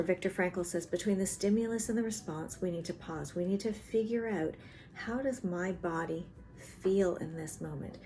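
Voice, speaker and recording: A woman therapist calmly explaining emotional boundaries, acting out small everyday conversations as she teaches. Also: fairly low pitch. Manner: gentle and explanatory, acts out little dialogues. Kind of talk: teaching talk to camera. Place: in South Carolina.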